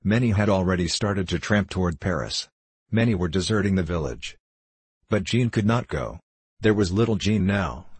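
Deep husky male storybook narrator. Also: lively intonation, moderate pace, dry recording.

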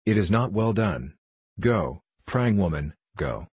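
A man's voice: sits low, big pitch swings, slow pace, a little mellow, slightly rough, no echo, exaggerated voice. A man voicing an intense, obsessed male scientist who speaks impetuously in old-fashioned words, in an audiobook reading. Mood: earnest.

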